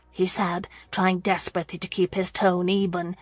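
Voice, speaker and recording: A woman narrating a romance audiobook in a steady, measured way. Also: on the low side, dry recording. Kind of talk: scripted narration.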